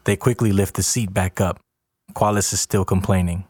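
A man narrating a story in a plain, steady way. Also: deep voice, normal speed, no room sound, studio quality.

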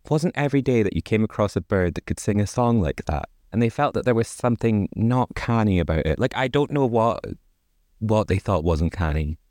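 Host wry low-voiced male reader, casual asides between the story lines, very dry close mic. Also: animated, brisk, darkish tone, dry recording. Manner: wry asides, frequent laughs, many "like"s. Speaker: podcast co-host reading a fairy tale. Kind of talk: casual read-aloud with commentary.

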